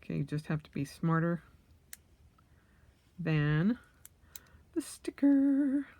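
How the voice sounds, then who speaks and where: Slow-talking woman unboxing, chatty. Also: sits low, little pitch movement, darkish tone, no echo. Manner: chatty, thinking aloud with frequent fillers and squeals of delight. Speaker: vlogger. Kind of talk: casual unboxing vlog.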